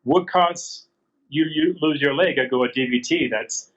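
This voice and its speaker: A man's voice: fairly high pitch, moderate pace, lo-fi sound. A man telling a personal story in a candid interview, earnest and repeating his phrases as he quotes past conversations. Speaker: guest.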